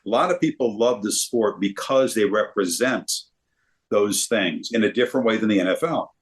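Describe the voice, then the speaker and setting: A man, talking in an easy, casual interview. He is an animated storyteller who often repeats words as he gathers his thoughts. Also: fairly low pitch, normal speed. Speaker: sportscaster guest.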